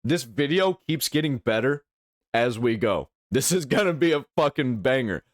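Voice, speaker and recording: A man's voice: medium pitch, expressive, normal speed, dry recording. A man hosting a casual reaction commentary, blunt and profane, speaking into a close desk mic. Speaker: host reacting to videos.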